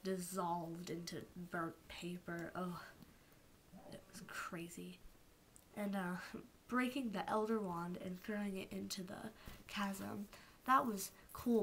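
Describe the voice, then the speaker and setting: Woman vlogging a fan rant, gushy and emotional, slips into whispers, bit of vocal fry, faint hum behind. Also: mid-range voice. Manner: gushing and emotional, drifting into soft whispers. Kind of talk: casual fan rant to camera.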